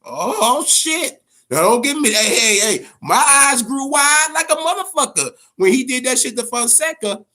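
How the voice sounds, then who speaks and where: A man hosting a boxing talk show, ranting in a profane, casual way, stammering and swinging between a low grumble and loud outbursts. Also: lively intonation, moderate pace, few pauses. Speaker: boxing podcast host.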